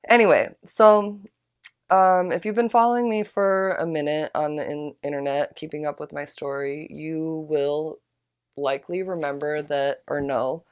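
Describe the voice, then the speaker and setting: A young woman hosting her own podcast solo, chatting in a slangy, profane, laid-back way after leading a slow guided breathing. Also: low-pitched, steady tone, darkish tone, clean tone. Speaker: podcast host.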